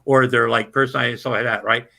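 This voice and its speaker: Gravelly, bright-voiced rambling man. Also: medium pitch, level tone, very fast. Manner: rambling, crude, self-deprecating. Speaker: livestream guest. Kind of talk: casual livestream chat.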